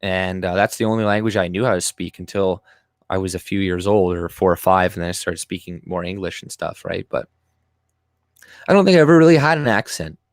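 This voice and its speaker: Low-voiced profane man ranting on stream. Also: a little fast, dry recording, studio quality. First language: French. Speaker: livestream host. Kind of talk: casual livestream chat, reading comments aloud.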